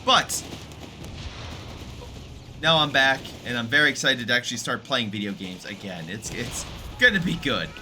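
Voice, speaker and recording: A man's voice: mid-range voice, lively intonation, normal speed, pauses often, sharp tone, slight background noise. A man casually commentating a strategy game replay, rambling and chatty, with many fillers and self-corrections. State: recovering from illness.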